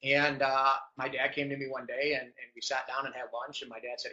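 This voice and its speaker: A man from Chicago telling an audience his personal story in a relaxed, conversational way. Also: mid-range voice, a little fast, few pauses. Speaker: business presenter. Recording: dull lo-fi recording.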